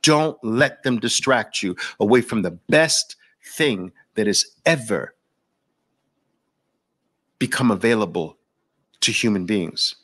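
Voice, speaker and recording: A man's voice: on the low side, expressive, slow, long pauses, a bit bright. A man giving a persuasive masterclass talk as a trading educator, emphatic, with repeated punchy lines and rhetorical questions. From Brooklyn, New York.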